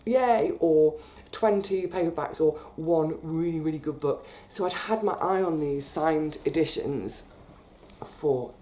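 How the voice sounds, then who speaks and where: A British woman telling a personal story in a chatty, animated way, getting emotional as she recalls it. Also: low-pitched, unhurried, a little hiss or hum. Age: 30s. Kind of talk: casual storytelling monologue.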